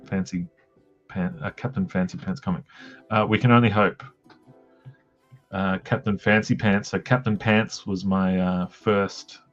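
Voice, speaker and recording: An Australian man hosting a drawing livestream, chatting casually in a joking, meandering way with lots of ums and tangents. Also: sits low. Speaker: livestream host drawing comics. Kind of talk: casual rambling chat while drawing. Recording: dull lo-fi livestream audio.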